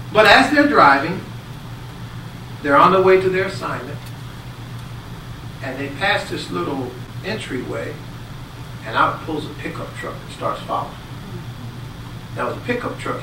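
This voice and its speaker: Male preacher, higher voice, lively storyteller; distant mic, roomy hall, noisy. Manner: animated storyteller, acts out quotes, swings from loud to hushed. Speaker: speaker giving a Bible talk. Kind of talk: sermon with storytelling. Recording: echoey hall, speaker away from mic, audible noise.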